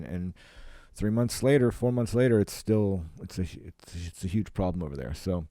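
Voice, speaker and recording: A man's voice: low-pitched, normal speed, dark tone, no echo, studio quality. A Canadian man, a comedian, rambling on his solo podcast from home, swearing often and full of fillers. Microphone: home podcast microphone.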